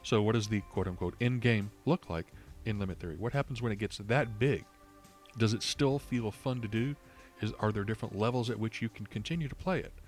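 A man's voice: fairly low pitch, a little fast, soft background music. A man co-hosting a casual gaming podcast over an online call, thinking aloud in long, rambling turns full of restarts. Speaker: podcast co-host. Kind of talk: casual chat.

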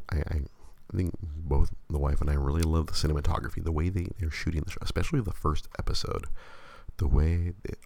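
A man's voice: very deep voice, vocal fry, darkish tone, no room sound. A man hosting a show, chatting casually and rambling with many stammered restarts. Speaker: podcast host. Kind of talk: casual chat.

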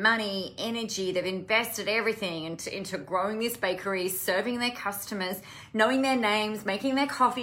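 A woman's voice: medium pitch, bright, forceful tone. A woman business coach talking casually to camera, impassioned and blunt, swearing freely. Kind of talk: casual live-stream talk to camera.

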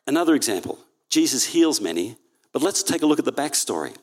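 A man at mid pitch delivers an earnest church sermon. He reads scripture aloud and often corrects himself mid-phrase. His speech has an ordinary, unmarked timbre. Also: very animated, fast talker. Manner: earnest, reads Bible passages aloud, frequent self-corrections. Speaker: preacher.

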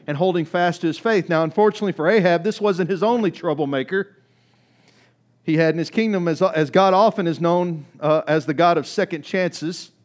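A man preaches a sermon with a somewhat raised pitch. He speaks casually to his listeners and often sinks his voice to a murmur for emphasis. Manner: conversational preaching with sudden drops in volume; acts out quoted voices in reading. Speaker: pastor.

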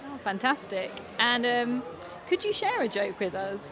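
Lively, high-voiced woman interviewer. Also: unhurried, crowd noise. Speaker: podcast interviewer. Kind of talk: friendly interview questions.

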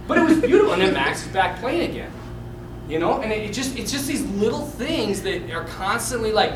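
A man's voice: high voice, reverberant, noisy background. A man, a Catholic priest, telling casual stories with frequent laughs, jokes and side stories. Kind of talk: casual storytelling to listeners.

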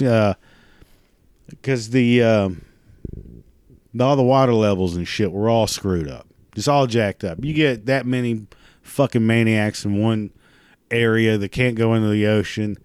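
Foul-mouthed, low-voiced man ranting. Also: a little mellow, clear, resonant tone, no echo. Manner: profane, crude, ranting; rambling, halting restarts. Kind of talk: casual monologue rant.

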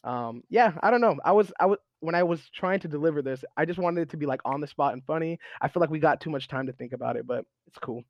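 A man's voice: fairly high pitch, fast talker, hardly any pauses, no room sound, dull audio. A male podcast host in casual chat, rambling and laughing often.

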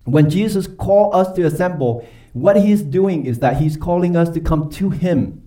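A man preaching a sermon with emphatic, questioning delivery, his voice sitting a little high. He is picked up from a distance, so he sounds set back from the mic in the church. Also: moderate pace, mellow. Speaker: pastor. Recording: voice from far off the mic.

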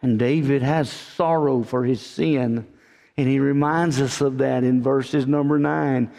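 Slow, folksy preacher in a reverberant hall. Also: male voice, medium pitch, fairly even intonation, creaky, dark tone. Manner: folksy storytelling preacher, addresses listeners as folk. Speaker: pastor. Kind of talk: sermon.

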